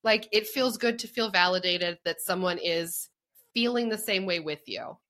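Woman, podcast co-host, bright voice, teasing banter, casual chat. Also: medium pitch. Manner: teasing, quick reactive banter.

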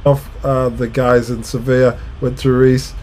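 A man reacting live to a football match, shouting at the action, then chatting casually through a recap of the game. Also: medium pitch, level tone, unhurried. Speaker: live football watch-along commentator. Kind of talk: casual post-match analysis.

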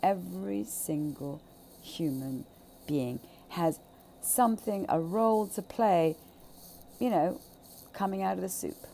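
A woman with a gravelly, fry-laden voice speaks in an impassioned monologue. She hammers her points by repeating short phrases, swears freely, and swings from loud bursts to hushed asides. A faint hiss sits under the recording. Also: on the low side, slow. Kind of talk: impassioned monologue on childhood trauma.

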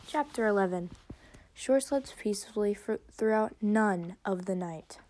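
A woman hosting a podcast, reading her own story aloud casually, stumbling and correcting herself, clearing her throat often. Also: mid-range voice, unhurried, a little mellow. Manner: stumbling, restarts and self-corrections.

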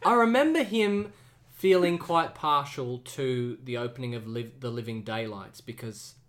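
A podcast co-host chatting casually, giggly and vamping while thinking aloud. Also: mid-range voice. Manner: slow, lively, giggly, vamping. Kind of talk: casual chat.

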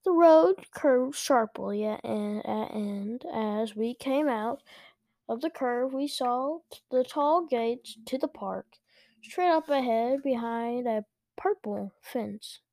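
Brief: woman reading a kids' book aloud, unhurried, slightly high, dry recording. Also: warm tone, no room sound. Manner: careful, with small restarts. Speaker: story reader.

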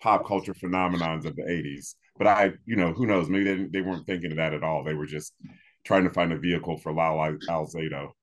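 A man's voice: sits low, steady tone, quick pace. A man co-hosting a podcast in a casual chat, thoughtful and hesitant, with many fillers. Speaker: podcast co-host. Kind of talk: casual chat about old TV.

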